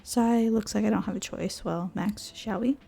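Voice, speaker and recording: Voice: mid-range voice, moderate pace, vocal fry, loud music behind the voice. A woman reading the lines of a cautious doctor in a horse game.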